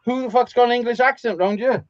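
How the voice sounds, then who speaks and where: A man's voice: extremely high pitch, fast talker, no echo. A Welsh man hosting a live stream, bantering bluntly with friends, teasing and swearing. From Wales. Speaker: host. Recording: dull lo-fi sound.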